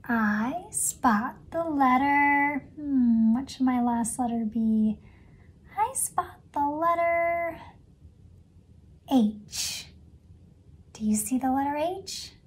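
Female preschool teacher, high and unhurried, sing-song praise for little ones. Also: lively intonation. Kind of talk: circle time lesson for toddlers.

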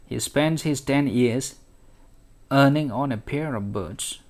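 Indian english guy teaching, reads a story real slow and steady, stops to explain words. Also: medium pitch. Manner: slow, deliberate reading with pauses to explain. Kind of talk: reading a story aloud in a lesson.

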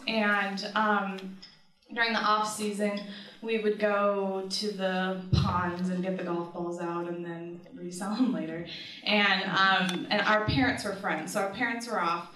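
A woman's voice: mid-range voice, pushed and bright. A woman telling a true story live on stage, chatty and giggly, with many ums. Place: live stage event before an audience. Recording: very echoey venue, distant mic, audience audible.

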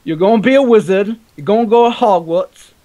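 A man putting on a bad English accent to play a gruff male giant groundskeeper, shouting the same lines over and over. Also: high-pitched, fairly quick, pitched above the performer's own voice, natural voice. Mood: insistent. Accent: bad put-on English. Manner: shouty, repetitive.

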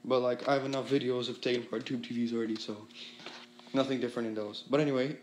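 A man vlogging a teardown in an excitable, rambling way, sweaty and worked up, full of exclamations. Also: medium pitch, fast, slight background noise. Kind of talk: excited casual teardown vlog.

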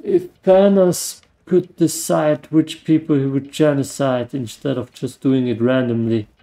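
Slow-talking gravelly German-accented man. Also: mid-range voice, mellow, rough recording. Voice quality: vocal fry. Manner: rambling, joking asides while playing. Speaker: gamer. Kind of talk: gameplay commentary.

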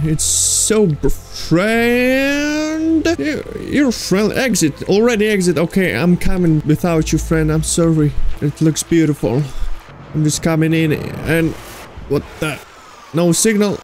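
High-voiced man talking through a horror game. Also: measured pace, a little mellow, soft background music. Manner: talks to the game's creatures, jokey and easily startled. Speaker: gaming streamer. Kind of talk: let's play commentary.

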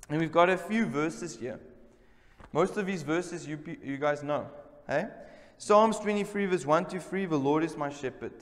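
Male pastor, raised voice, emphatic sermon delivery with call-outs to the congregation, long church-hall reverb. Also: a little high. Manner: emphatic, repeats key words, calls for responses. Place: church service.

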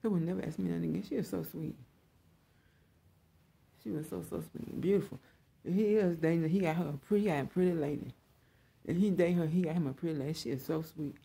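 A woman's voice: lowish voice, fast, creaky, pauses often, mellow, husky. A woman hosting her own online show, giving a blunt, profane opinion monologue and repeating her points.

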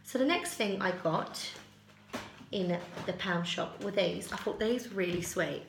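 Speaking at a measured pace in a medium-pitched voice with vocal fry, a young woman from the United Kingdom casually runs through a shopping haul at home. The vlogger rambles, fixes her own words with little giggles, and the echoey room has slight background noise.

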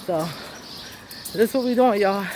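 A woman's voice: mid-range voice, unhurried. Woman filming herself on a hot walk, out of breath, chatty and encouraging, calls everyone honey, faint street noise. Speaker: fitness vlogger. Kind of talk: casual motivational vlog while walking. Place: outdoors on a sunny neighborhood street.

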